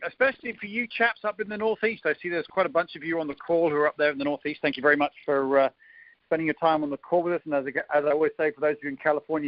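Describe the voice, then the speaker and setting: English guy in his 50s, kinda high voice, joking around hosting a phone call, muffled dry line. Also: no echo. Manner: chatty and teasing, many ums and uhs. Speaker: interviewer on a team conference call. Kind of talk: casual chat, jokey introduction. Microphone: phone line on a conference call.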